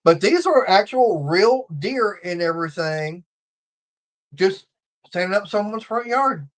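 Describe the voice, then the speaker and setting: High-voiced man telling rambling stories. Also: expressive, a little slow. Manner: rambling storyteller, acts out quotes. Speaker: livestream host. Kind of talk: casual chat.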